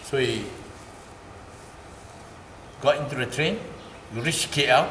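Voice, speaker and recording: A man with a Malaysian English accent recounts a personal story in an animated, repetitive way. His voice sits in a middle register. He was recorded in a roomy space with clear background noise behind him. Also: measured pace, pauses often. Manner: animated, repeats phrases, gets louder and higher in quoted speech. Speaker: interviewee. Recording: roomy, noisy ambience.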